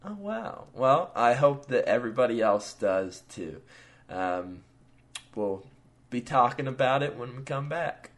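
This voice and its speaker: Slow-talking relaxed man. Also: medium pitch. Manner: laid-back, chuckling, many fillers. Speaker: podcast host. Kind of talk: casual chat and story reading.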